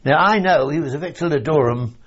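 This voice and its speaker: A man's voice: on the high side, a little fast, a bit bright, husky. An older man from England, telling wartime memories in a rambling oral-history interview, chuckling and saying "you see" as he goes. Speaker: veteran interviewee. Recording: dull lo-fi recording.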